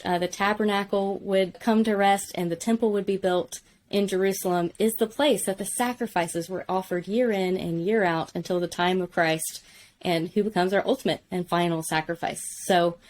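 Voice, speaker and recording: A woman's voice: medium pitch, steady tone, normal speed. A woman co-hosting a conversational Bible lesson, explaining in an engaged, casual way. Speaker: co-host, teacher.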